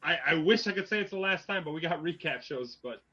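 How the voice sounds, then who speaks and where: Upbeat guy co-hosting a podcast, kinda high bright voice, muffled lo-fi sound. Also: expressive, quick pace. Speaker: podcast co-host, scorekeeper. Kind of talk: casual podcast chat. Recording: dull lo-fi audio.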